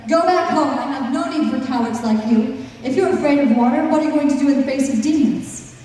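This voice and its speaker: A stern young male hero barking orders at his quarreling companions, as a woman storyteller voices him. The voice sits fairly high and mellow, heard from a distance in a big echoing hall. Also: brisk, natural voice. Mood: scolding. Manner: commanding, scolding. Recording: echoey hall, far from the mic.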